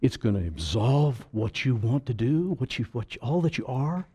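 Male preacher, fervent sermon delivery, very animated pitch. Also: moderate pace, husky. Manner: fervent, swelling loud on key phrases then dropping low.

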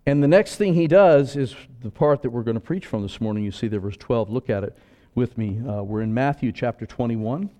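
Animated man preaching a sermon. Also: mid-range voice, a little fast. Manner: animated preaching with sudden loud and soft swings and joking asides. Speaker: pastor.

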